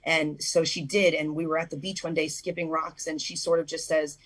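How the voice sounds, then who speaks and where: A woman's voice: sits low, fairly even intonation, fairly quick, hardly any pauses. A young adult woman, a guest on a call-in radio interview, telling an emotional personal story in a rambling way, full of restarts and fillers.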